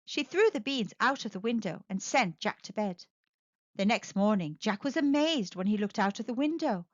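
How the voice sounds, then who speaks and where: A woman reading a picture book aloud to children, narrating with expressive, animated storytelling. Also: mid-range voice, moderate pace, no echo, muffled recording. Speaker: storyteller, channel host.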